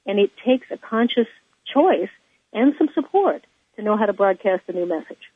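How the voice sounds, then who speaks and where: A woman co-hosting a radio show, telling a teaching story and reflecting on it, with a husky voice and a habit of repeating phrases for emphasis. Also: mid-range voice, animated, normal speed, no room sound. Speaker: co-host and spiritual teacher. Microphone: telephone. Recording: tinny phone line, dry.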